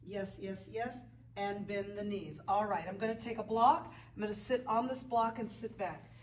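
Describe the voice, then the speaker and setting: A woman's voice: medium pitch, steady tone, normal speed, roomy sound, far from the mic, poor audio. A woman yoga instructor leading a beginner class, counting out breaths and moves and adding encouraging asides.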